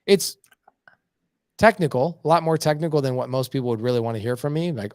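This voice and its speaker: Blunt, animated storyteller man. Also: fairly high pitch, fast, no room sound, studio quality. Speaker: podcast guest. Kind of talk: casual podcast conversation.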